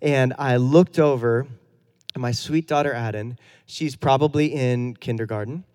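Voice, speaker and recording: A man in his thirties, a pastor giving a sermon in a relaxed, conversational storytelling way with self-deprecating humor. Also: mid-range voice, measured pace, clear, resonant tone.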